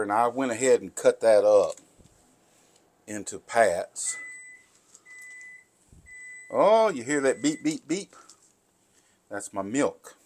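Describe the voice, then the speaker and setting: A man, hosting a casual home cooking tutorial in a folksy, chatty way. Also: medium pitch. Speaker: cooking show host. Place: home kitchen.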